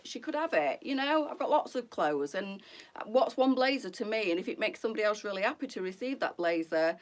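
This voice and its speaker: A middle-aged woman hosting a live try-on stream for her boutique, talking in a chatty, heartfelt way and calling her viewers girls. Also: on the high side. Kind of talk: casual live-stream chat.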